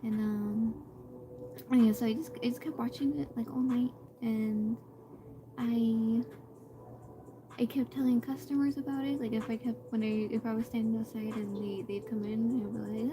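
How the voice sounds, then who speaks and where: A woman's voice: fairly high pitch, fairly even intonation, moderate pace, noisy background. A woman streamer chatting casually while she draws, rambling with lots of fillers and restarts, and greeting viewers in passing. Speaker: live streamer. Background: background music.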